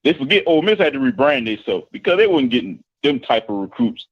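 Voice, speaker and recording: Animated man on a dull call-in line. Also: mid-range voice, fast, breathy edge. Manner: animated, teasing, explains at length. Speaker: caller, football coach. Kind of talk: casual call-in chat.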